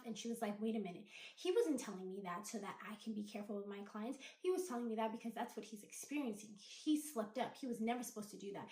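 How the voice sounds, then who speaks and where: A woman's voice: fairly high pitch, echoey room, rough recording. A woman retelling a gossip story in a casual, chatty way, filling it with "like" and acting out quotes. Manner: chatty, quotes people with many "like"s.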